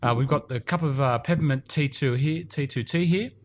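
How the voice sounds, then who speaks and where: A man's voice: medium pitch, brisk. A man hosting a casual podcast in an indoor golf studio, chatty and rambling with fillers. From Australia. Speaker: podcast host.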